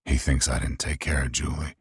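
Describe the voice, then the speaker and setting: A middle-aged man narrating a story in a grim, measured way. His voice sits extremely low and husky, recorded bone-dry up close. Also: fairly even intonation, no echo. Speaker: audiobook narrator. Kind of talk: first-person audiobook narration.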